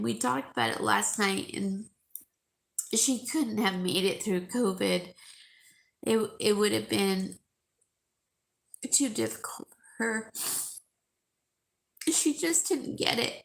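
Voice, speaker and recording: A woman chatting with her viewers while crying, her voice gravelly and worn from the tears. She talks very slowly, stopping often and repeating her words. Her voice sits a little high. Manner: tearful, halting, repeats words. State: crying, sore throat. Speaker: jewelry seller live-streaming to viewers. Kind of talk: emotional live stream chat with viewers.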